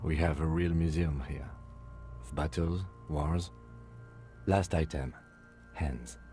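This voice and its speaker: Calm, clinical police lieutenant. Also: male voice, extremely low pitch. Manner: measured, clinical, dry. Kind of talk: video game voice acting. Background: faint game music.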